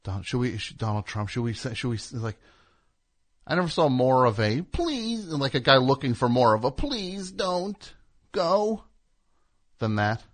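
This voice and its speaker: A man's voice: mid-range voice, big pitch swings, measured pace. A man hosting a talk radio show, rambling through a sarcastic, mocking monologue. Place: radio studio.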